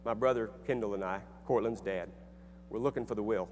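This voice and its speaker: A man's voice: fairly low pitch, a little fast. A middle-aged man telling a personal story to an audience in an earnest, conversational way, with restarts and fillers. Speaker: speaker and author. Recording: echoey hall with faint hum.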